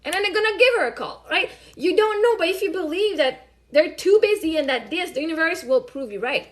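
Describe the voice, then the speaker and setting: A woman's voice: extremely high pitch, brisk. A woman hosting her own show, talking casually and animatedly, acting out her conversations and swearing freely. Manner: animated storytelling, swears freely, acts out dialogue. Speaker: show host; mother. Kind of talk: casual monologue.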